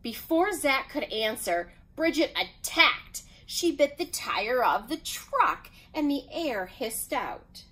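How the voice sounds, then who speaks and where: A woman reads a children's picture book aloud at an unhurried pace. Her voice sits high and rises and falls with plenty of expression, and she lets each sentence land. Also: big pitch swings, pushed and bright, poor audio. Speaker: storyteller.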